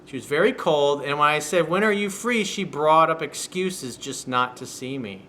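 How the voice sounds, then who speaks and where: A man's voice: a little high, expressive, moderate pace, bright, forceful tone, a little hiss or hum. A man giving dating advice as a coach, reading out a viewer's email and answering it in a blunt, profane, sarcastic way. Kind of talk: solo video newsletter commentary. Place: home room with workers outside the window.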